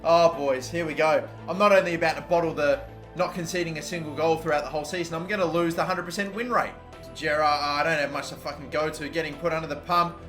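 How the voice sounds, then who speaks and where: A young man, commentating his own football video game play, swearing often and shouting at his players. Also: on the high side, fairly even intonation, quick pace, faint music behind. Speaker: gaming YouTuber. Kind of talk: live gameplay commentary.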